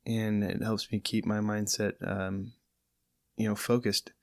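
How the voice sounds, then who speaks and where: A man from California speaks as a podcast guest, earnest and reflective. His voice sits low and stays flat. The studio sound is dry and close. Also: measured pace, no room sound. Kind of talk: casual podcast conversation.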